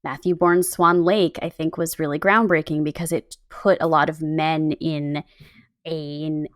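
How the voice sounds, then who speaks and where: A woman co-host chatting casually on a podcast, her voice a touch low. She is animated and rambling, laughing as she goes. She leans often on filler words. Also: unhurried, smooth. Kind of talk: casual chat. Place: Los Angeles.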